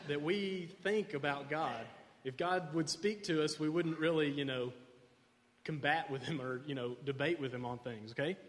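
A man's voice: on the high side, fairly bright tone. Man preaching in an echoing hall. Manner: conversational, keeps asking "okay?". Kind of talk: sermon. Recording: long hall reverb.

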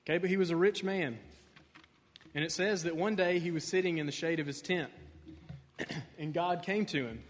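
A man's voice: on the high side, moderate pace, pauses often, slight background noise. A man preaching a conversational sermon who keeps checking in with his listeners by asking "okay?". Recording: long hall reverb.

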